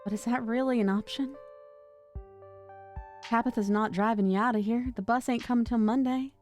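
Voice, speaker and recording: A woman's voice: a little high, steady tone, moderate pace, a little mellow, soft background music, lightly acted. A woman voicing a friendly, encouraging young woman who loves cryptids, read aloud from a game. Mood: coaxing.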